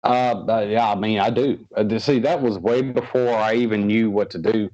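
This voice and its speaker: A man, a paranormal investigator, telling his stories in a rambling, halting way with many restarts, as a guest on a casual interview show. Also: fairly low pitch, dark tone, dull audio.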